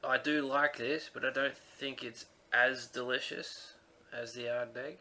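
A man with a bright, clear voice hosts a relaxed chat among friends. He talks with dry, stubborn humor and teases his co-hosts. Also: mid-range voice, a little slow, a little hiss or hum. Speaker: podcast host. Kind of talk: casual chat, tasting and scoring drinks.

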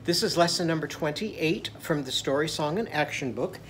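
A man's voice: a little high, moderate pace, a bit bright, slight background noise. A man teaching a children's phonics lesson in a playful, sing-song way, leading the listeners in call-and-response chants. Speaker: literacy teacher.

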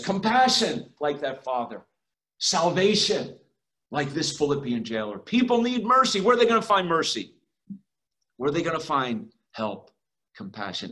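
A man preaching a sermon as pastor, emphatic, swinging between loud and quiet passages. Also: a little high. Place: church. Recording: echoey room.

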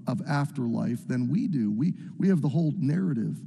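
A man's voice: on the high side, big pitch swings, fairly quick, creaky, few pauses, mellow, husky. A man preaching a sermon, reading scripture and acting out the psalmist's cries with a rising voice. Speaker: pastor. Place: church sanctuary. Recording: echoey hall with long reverb.

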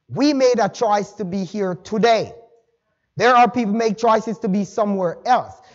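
A man's voice: high-pitched, highs cut off. A male pastor preaching a sermon in a conversational, folksy way, with chatty asides to the congregation. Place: church sanctuary.

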